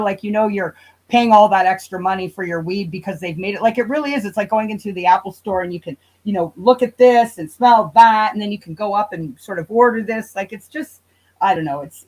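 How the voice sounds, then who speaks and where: A woman's voice: mid-range voice, a little mellow, poor audio. A woman with a Canadian accent hosting a casual live chat over a video call, talking loosely and laughing often. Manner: chatty, laughs often, trails off and restarts. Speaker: host of a live chat show.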